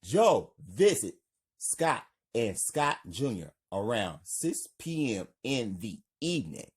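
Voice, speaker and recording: A man's voice: mid-range voice, very animated, takes it slowly, breathy edge. A man reading his own drama script aloud with stage directions, in a plain, unpolished way.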